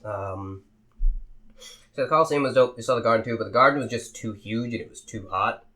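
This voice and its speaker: With a brisk, medium-pitched delivery, a young American podcast co-host spins a travel story in casual talk. He's an animated storyteller, swearing heavily and voicing the quotes himself.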